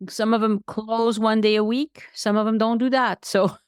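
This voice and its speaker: A woman's voice: fairly high pitch, flat delivery, normal speed, clean tone, no echo. Woman hosting a chat, friendly, hunts for words now and then, dry sound. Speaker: podcast host. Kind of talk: conversational interview.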